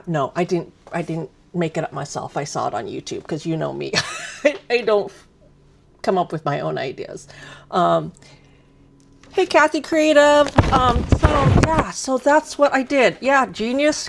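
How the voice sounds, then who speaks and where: Fifties lady rambling on her craft livestream, low gravelly voice, lots of ums. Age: 50s. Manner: chatty, rambling, self-deprecating, many ums. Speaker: craft live stream host. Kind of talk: casual live stream chat.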